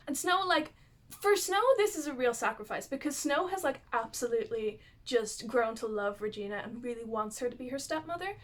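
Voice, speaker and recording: A woman's voice: fairly high pitch, lively intonation, a little fast. A woman giving a casual, chatty plot recap with lots of "like" fillers. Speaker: youtuber.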